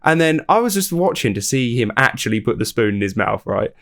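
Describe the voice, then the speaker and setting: A man's voice: medium pitch, fairly quick, creaky. Laughing man telling a story. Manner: animated storytelling, frequent laughter and swearing. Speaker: podcast co-host. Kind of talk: casual chat.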